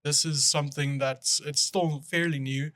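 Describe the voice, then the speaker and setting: A man appearing as a guest on a business podcast, speaking in a measured, agreeable way. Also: fairly high pitch, steady tone, fairly bright tone, no echo. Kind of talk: casual business chat.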